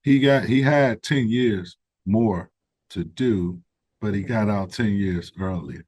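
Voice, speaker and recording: A low-pitched man in middle age speaks earnestly in an interview, dry and close to the mic. He tells a personal story at an easy conversational pace, with fillers, and his voice grows more animated when he drives a point home. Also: takes it slowly, dry recording. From United States. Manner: earnest, reflective, builds to animated emphasis. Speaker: guest, recovery organization founder.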